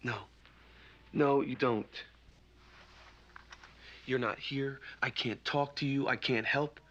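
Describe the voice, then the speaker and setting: An actor voicing a wry, lovesick man in a claymation scene, sardonic and low-key. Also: steady tone, slow, a bit bright, lo-fi sound, slight background noise. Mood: moping. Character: lovesick man, clay-animated, wry and sulky.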